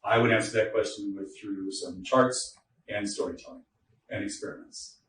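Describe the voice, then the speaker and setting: A man's voice: fairly low pitch, steady tone, normal speed, fairly bright tone. A man giving an informal workshop lecture to teachers, chatty and joking, with asides to the audience. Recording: roomy echo, distant mic, faint noise.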